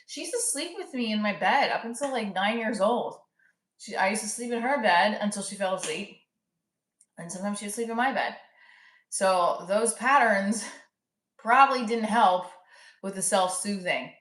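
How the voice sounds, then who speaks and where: A woman's voice: mid-range voice, lively intonation, normal speed, a bit bright, recorded from a distance. A woman in her thirties, a stand-up comic, talking candidly to camera in a rambling, casual vlog, swearing and laughing at herself. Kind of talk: casual self-talk vlog. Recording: roomy echo, voice a bit off-mic.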